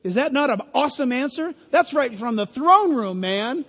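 A man's voice: very high-pitched, lively intonation, moderate pace, fairly bright tone. A man preaching a sermon, emphatic and full of stories. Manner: emphatic, storytelling. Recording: long hall reverb.

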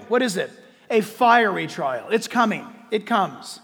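A man's voice: sits high, sing-song, unhurried, fairly bright tone, slightly rough, big-room sound. A man preaching a sermon, emphatic and repeating key words for stress. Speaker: pastor.

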